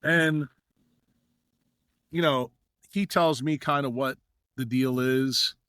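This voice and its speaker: A man's voice: medium pitch, steady tone, slow, fairly bright tone, smooth, no echo, studio quality. A middle-aged man from New York, a podcast guest telling long anecdotes with many fillers and acted-out dialogue. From New York, USA. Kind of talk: storytelling in a podcast interview.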